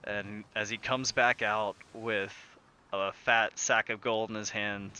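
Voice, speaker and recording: A man narrating a tabletop game as game master, relaxed and full of fillers. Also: on the low side, slow pace, clean tone.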